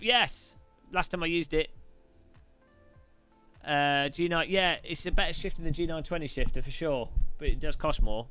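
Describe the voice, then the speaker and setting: Male streamer, a bit high, bright and forceful, rambling and jokey. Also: lively intonation, normal speed, no echo, soft background music. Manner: chatty, jokey, rambling with restarts. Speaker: streamer host. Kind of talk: casual live-stream chat.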